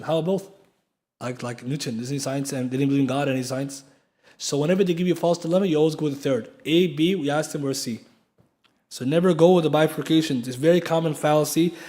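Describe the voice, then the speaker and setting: This Islamic lecturer, a man with a slightly high, mellow voice, teaches a class in a mosque. His style is emphatic and packed with rhetorical questions, and he spells out key terms for the students.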